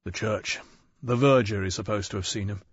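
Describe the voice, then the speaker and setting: A man voicing a calm, methodical male police detective in an audiobook, asking direct questions. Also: lowish voice, moderate pace, husky, dry recording, muffled recording. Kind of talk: audiobook character voice.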